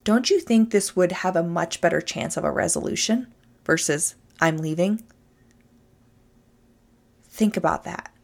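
A woman's voice: on the low side, expressive, normal speed, gravelly. A woman giving a motivational talk, speaking emphatically and addressing listeners directly.

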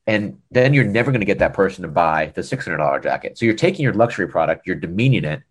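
A man with a deep, low American voice recounts a business story in easygoing interview talk. He is a lively storyteller who slips into the voices of the people in his anecdotes. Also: quick pace, breathy edge. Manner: animated storyteller, acts out quoted dialogue. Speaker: former e-commerce director, podcast guest.

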